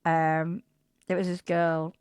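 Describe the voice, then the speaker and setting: A woman in her thirties tells a messy dating story on a podcast in a low-pitched voice, recorded dry and close. She laughs often and jumps into loud, high impressions whenever she quotes someone. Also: level tone, slow, clean tone, no echo. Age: 30s. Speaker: podcast co-host. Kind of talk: casual chat, storytelling.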